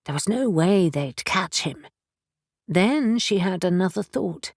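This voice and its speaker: A woman narrating an audiobook with a lowish voice and an unhurried, measured delivery. The sound is close and dry, with no room around it. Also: lively intonation, a little mellow, no echo.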